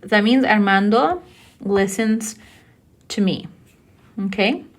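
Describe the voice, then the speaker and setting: A woman's voice: mid-range voice, slow pace. A woman teaching a recorded language lesson, explaining step by step in a patient way and often checking in with "okay?". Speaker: Spanish teacher. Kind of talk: recorded lecture.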